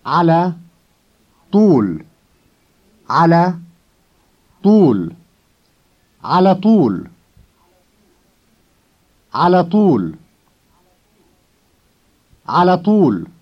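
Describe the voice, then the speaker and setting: A man giving slow, carefully enunciated model phrases for learners to repeat in a language course. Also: on the high side, wildly swooping pitch. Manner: deliberate, clearly enunciated repetitions. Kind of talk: slow, careful pronunciation drills. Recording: dull lo-fi course recording.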